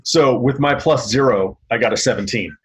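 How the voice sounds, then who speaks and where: A man playing a tabletop game, speaking in a measured, matter-of-fact way. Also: medium pitch, a crowd in the background. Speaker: player.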